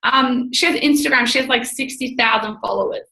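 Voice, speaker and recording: Bubbly effusive woman in her twenties, bright higher voice, echoey room. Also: fairly quick, gravelly. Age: 20s. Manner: bubbly, effusive, acts out quoted talk. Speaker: guest entrepreneur. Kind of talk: casual call chat.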